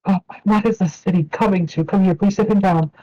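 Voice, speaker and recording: A man's voice: high voice, steady tone, fairly quick, mellow, highs cut off, pitched above the performer's own voice. A man voicing a fretful middle-aged woman who runs a diner, anxious and fussing. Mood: alarmed.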